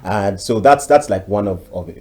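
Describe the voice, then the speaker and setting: Nigerian man with a low voice. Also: moderate pace. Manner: expressive, chatty, with frequent fillers. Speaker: voiceover artist, guest. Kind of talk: TV interview talk.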